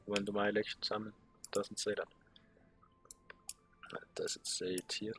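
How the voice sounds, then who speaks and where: A man's voice: on the low side, level tone, normal speed, fairly bright tone. A man giving casual strategy game commentary, reading menu text aloud with sarcastic, muttered asides. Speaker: gameplay commentator.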